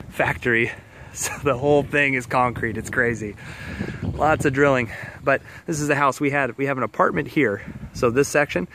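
This heating contractor's mid-range voice carries over background noise as he strolls through a house and its exterior, walking the listener through an install. He chats casually, sounds a bit out of breath, and fills his explanations with fillers.

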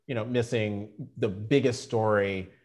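Man, middle-aged, journalist guest, lively storyteller, acts out quotes. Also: on the low side, a little slow. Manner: animated anecdotal storytelling, acting out quotes. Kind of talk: storytelling interview.

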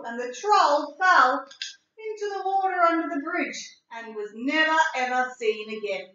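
Slow, expressive woman teacher. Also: sits high. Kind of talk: storytelling and writing lesson for young children. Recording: echoey room from far off, dull.

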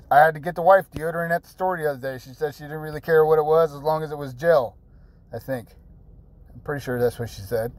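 A man's voice: on the high side, a little mellow. A man in his thirties hosting a casual app tutorial, rambling and chatty with fillers and repeated words, blunt and jokey with mild swearing. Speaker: channel host.

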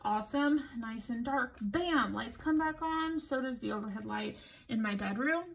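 With a fairly high, slightly rough voice and some vocal fry, this weary middle-aged woman talks at normal speed while working on her planner. Her chat wanders and she teases herself along the way, all captured in somewhat dull, lo-fi sound.

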